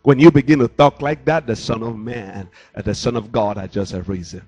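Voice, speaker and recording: A man's voice: medium pitch, animated, fairly quick, a little mellow, dull audio, soft background music. A man preaching a sermon in church into a handheld microphone, pressing his point with rhetorical questions. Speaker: pastor.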